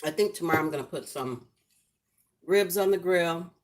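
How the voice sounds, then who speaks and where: Middle-aged woman, low warm speaking voice, chatty home cooking host talking to her viewers. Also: normal speed. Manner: chatty and affectionate, talking to the comments. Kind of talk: casual livestream chat with viewers. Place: home, lit by a ring light.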